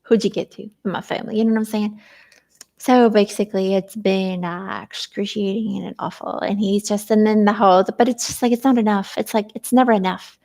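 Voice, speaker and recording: A woman's voice: mid-range voice, steady tone, a little fast, a little mellow. A woman vlogging in a rambling, hesitant way, full of fillers, venting about family troubles. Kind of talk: rambling personal vlog.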